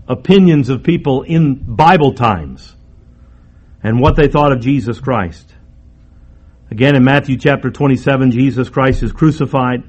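A man preaching a sermon, emphatic, moving between raised and hushed delivery. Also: medium pitch, dull audio.

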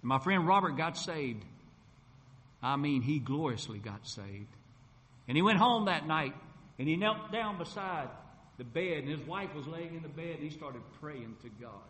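A man giving a testimony sermon, telling a lively story and acting out the dialogue. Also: fairly high pitch, moderate pace. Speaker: preacher sharing his testimony. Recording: long hall reverb.

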